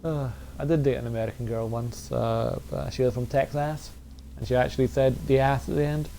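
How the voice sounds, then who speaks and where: A man's voice: mid-range voice, steady tone, brisk, vocal fry, dark tone, a little hiss or hum. Joking gaming streamer, man. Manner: joking, chatty with viewers. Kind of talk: casual let's play commentary.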